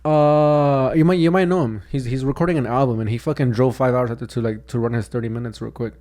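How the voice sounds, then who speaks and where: A man's voice: medium pitch, fairly even intonation, quick pace, darkish tone. A young man co-hosting a podcast, telling a story in a rambling, casual way, with many restarts and "dude". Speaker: podcast co-host, comedian. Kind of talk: casual chat.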